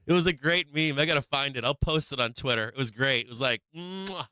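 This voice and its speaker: A man's voice: medium pitch, quick pace, pushed and bright, slight background noise. A man, hosting a livestream about the stock market, casually chatting and joking with his viewers, swearing and laughing a lot. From Massachusetts. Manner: profane, laughs often, joking with chat.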